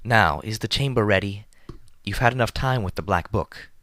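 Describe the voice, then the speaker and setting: A man's voice: lowish voice, normal speed, fairly bright tone, dry recording, clean studio sound, voice pushed up, natural voice. A man voicing an elegant, regal mare pony who speaks in a prim, genteel way. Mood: gracious.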